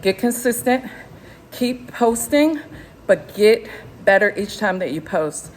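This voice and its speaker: A woman's voice: medium pitch, expressive, slow pace, rough recording. Winded encouraging woman in her fifties. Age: 50s. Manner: encouraging, preachy, emphatic. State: slightly out of breath. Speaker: YouTube channel host. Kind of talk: unscripted motivational vlog. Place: gym, walking on a treadmill incline.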